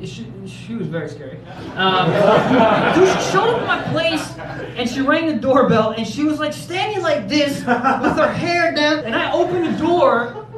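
A man doing a crude, exaggerated stand-up set and shouting some of his punchlines. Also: extremely high pitch, expressive, measured pace, distant mic, heavy background noise. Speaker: stand-up comedian. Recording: roomy live club, loud crowd.

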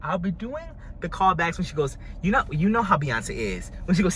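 A man talking in a dramatic, gushing reaction vlog, his voice hoarse from screaming. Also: sits high, big pitch swings, fairly quick, hardly any pauses, fairly bright tone, a little hiss or hum. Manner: dramatic, gushing, over-the-top. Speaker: music reviewer.

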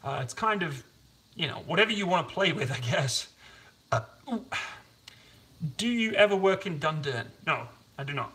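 A man's voice: on the high side, animated, moderate pace, pauses often, a bit bright. A man chatting casually to his live-stream viewers while he cooks, rambling between topics and answering chat. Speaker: streamer cooking on camera. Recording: echoey room, mic at a distance.

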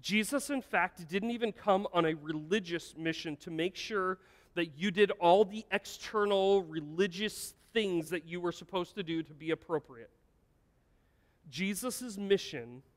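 A man preaching a sermon as pastor, earnest and emphatic, asking the congregation rhetorical questions. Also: on the high side. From United States. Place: church sanctuary. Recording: long church-hall reverb.

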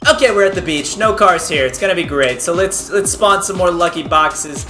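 A man giving excited gameplay commentary, yelping, shouting and making little sound effects as he plays. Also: high-pitched, normal speed. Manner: hyper, yelps and shouts, makes "bop" sound effects. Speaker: gaming video creator. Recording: game music playing underneath. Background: game music.

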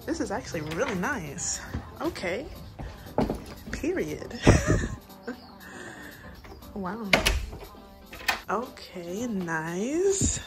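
A woman's voice: medium pitch, sing-song, drawn-out words, pauses often. Chatty young woman vlogging over music. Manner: chatty, laughs often, slangy. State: out of breath. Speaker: streamer vlogging a trip. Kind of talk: casual travel vlog.

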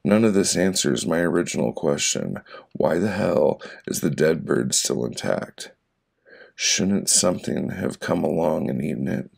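His voice is extremely low, with vocal fry and a breathy edge, as he narrates his own poems for an audiobook. The tone stays flat and dry, and he leaves slow gaps between the short lines.

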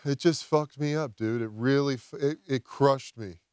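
A man, a podcast guest, telling a personal story outdoors in casual chat, animated and swearing freely. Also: mid-range voice, normal speed, smooth, no room sound. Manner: animated, swears a lot, acts out quotes. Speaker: podcast guest, former football player.

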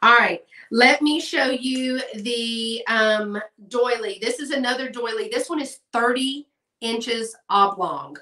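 A woman's voice: on the high side, slow pace, sharp tone, far from the mic. A middle-aged woman, hosting a live sale in a chatty style and addressing viewers by name. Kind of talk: live-stream sales chat. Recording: echoey room, voice off-mic.

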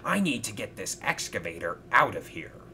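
A man voicing a gruff sailor figure who talks in pirate slang, speaking sternly and slyly in a storybook reading. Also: on the low side, very animated, normal speed, background noise.

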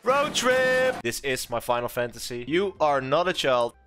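A man streaming a game, talking in a casual, excitable way, swearing often and yelping at what happens on screen. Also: mid-range voice, measured pace, loud music behind the voice. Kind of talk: casual gameplay commentary.

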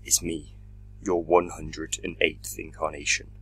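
Brooding armored villain guy, deep and raspy, slow and menacing, man doing the voice in a fan audio drama. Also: flat delivery, a bit bright, full character voice, rough recording.

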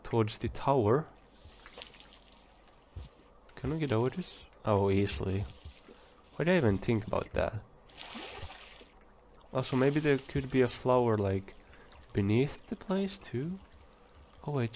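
A man's voice: medium pitch, lively intonation, a little slow, a little mellow, a little hiss or hum. A young man casually commenting on his own gameplay, musing aloud in a chatty, hesitant way. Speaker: let's play gamer. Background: game music.

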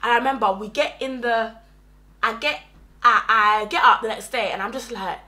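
Bright-voiced young woman, storytelling. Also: on the high side, moderate pace. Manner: animated, filler-heavy retelling with acted quotes. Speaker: guest. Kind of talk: casual storytelling.

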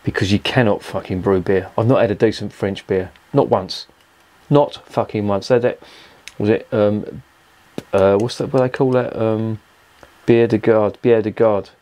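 Casting: bloke, lowish voice, rambling sweary beer-review rant. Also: male voice, normal speed, darkish tone. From England. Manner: swears constantly, rambling and exasperated. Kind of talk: casual profane rant.

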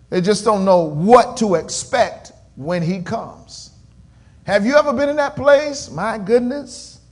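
Male pastor, slow deliberate call-and-response sermon delivery in a high register. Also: breathy edge. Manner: call-and-response preaching, swells loud and drops to a near murmur.

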